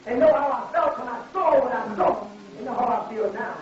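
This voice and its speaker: A man preaches to a crowd in an emphatic, mocking way, piling up rhetorical questions. His voice sits high for a man. The lo-fi recording catches him from a distance, drowned in heavy room echo. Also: brisk. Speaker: religious lecturer. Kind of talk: preaching lecture to a live audience. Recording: very echoey, distant, lo-fi hall recording.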